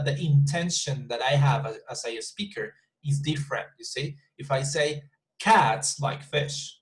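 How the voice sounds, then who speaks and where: A man teaching an online English class, patiently repeating example sentences slowly with the stress moved around. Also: a little high, low-quality recording.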